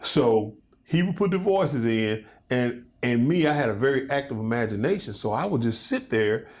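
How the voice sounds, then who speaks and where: A man in his fifties chats casually as an interview guest, spinning stories in an animated, loose way. His voice sits at an ordinary middle pitch for a man. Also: moderate pace. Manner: animated storytelling, loose and conversational. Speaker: comedian and guest.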